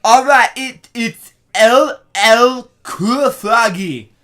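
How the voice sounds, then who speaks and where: An awkward, overeager adult man played by a young podcaster keeps pushing his video channel. He stumbles and repeats himself in a raised, loud voice. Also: very high-pitched, pitched above the performer's own voice, exaggerated voice. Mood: eager. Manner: halting, repeats words.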